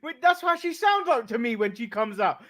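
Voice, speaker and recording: English guy co-host, high voice, laughs easily, casual recap chat. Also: expressive, normal speed, fairly bright tone. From England. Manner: laughs often, recaps events in a loose, chatty way. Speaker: podcast co-host.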